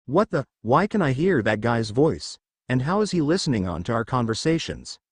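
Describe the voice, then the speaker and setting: Man reading as a sharp-tongued woman commander. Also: medium pitch, sing-song, moderate pace, breathy edge, dry recording, clean studio sound. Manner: barks orders, sharp retorts. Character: commanding young woman army leader, tense.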